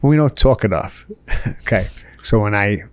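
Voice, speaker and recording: In a casual podcast interview, a middle-aged Bronx native chats openly, laughing frequently and peppering his speech with "you know." His lowish voice is expressive, clear and resonant, moving at a moderate pace in a dry recording.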